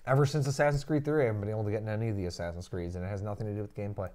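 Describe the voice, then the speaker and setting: A man's voice: on the low side, fairly even intonation, rapid-fire, darkish tone. A young man co-hosting a casual gaming and tech live stream, joking and rambling. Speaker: stream co-host.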